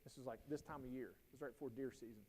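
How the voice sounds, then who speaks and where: A man's voice: medium pitch, racing, a little mellow, slightly rough, big-room sound. A man giving a conversational, anecdote-driven talk at a teacher training day. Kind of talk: storytelling professional development talk. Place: school auditorium or hall.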